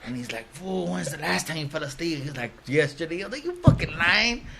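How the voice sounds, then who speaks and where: A man's voice: on the high side, fast, gravelly, crowd noise. A man, casually telling stories as a podcast guest in slangy, profane talk, often laughing as he goes. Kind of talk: casual storytelling.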